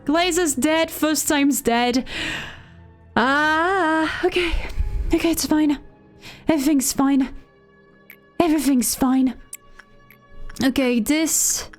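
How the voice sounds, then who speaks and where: A woman streams a game and narrates every move to herself, often repeating single words. Her voice sits fairly high and her delivery is slow. Quiet game music plays behind her. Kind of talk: live gameplay commentary.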